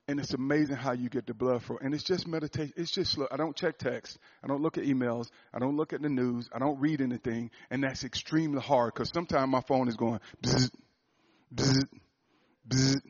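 A man giving a sermon-style talk to a church audience, swinging into loud emphatic preaching. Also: medium pitch. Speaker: speaker at a church gathering. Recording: muffled lo-fi recording.

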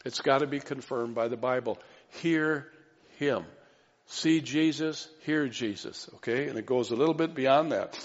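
A man's voice: mid-range voice, normal speed. A man preaching a sermon as pastor, earnest and repeating key phrases for emphasis. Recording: dull reverberant hall recording.

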